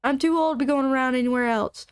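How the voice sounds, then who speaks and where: A woman voicing a gruff old male miner with a put-on Southern accent and a folksy drawl. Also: high-pitched, fast, dry recording, studio quality, close to an everyday voice.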